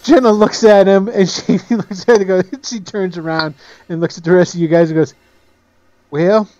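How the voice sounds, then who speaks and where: A man narrating as game master in a tabletop game, lively and full of fillers. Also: high voice, brisk, lo-fi sound. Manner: lively, many fillers and character voices.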